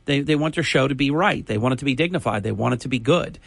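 A man's voice: medium pitch, fast talker, gravelly, dry recording. A man hosting a morning talk radio show, talking in an emphatic, chatty way.

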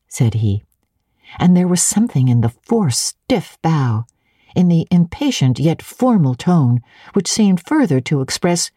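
A woman narrating a classic novel in the first person as an audiobook, with an expressive reading manner. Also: deep voice, unhurried, no room sound, studio quality. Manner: expressive, clearly paced reading.

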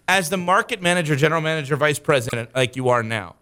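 Man, sports radio host, studio chat, teasing, laughs a lot, higher voice, bright tone. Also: lively intonation. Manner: joking, teasing, quick to laugh.

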